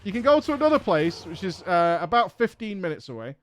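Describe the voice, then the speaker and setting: A man with a high, bright-toned voice and an English accent tells a rambling story to his viewers. His delivery is exasperated and profane, and he acts out both sides of each conversation. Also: big pitch swings, fast, slight background noise. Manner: exasperated, profane anecdote with acted-out dialogue. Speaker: streamer host. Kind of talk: casual storytelling.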